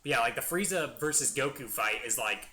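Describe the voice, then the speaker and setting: A young man narrates a gameplay session in casual, rambling commentary. His voice is very bright and sharp at a mid pitch, and he talks with eager enthusiasm. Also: expressive, fairly quick. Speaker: gaming channel host. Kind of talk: let's play commentary.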